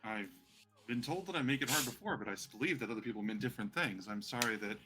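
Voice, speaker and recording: A man's voice: medium pitch, fast talker, noisy background. A man narrating as game master, rambling and hesitant, with frequent fillers.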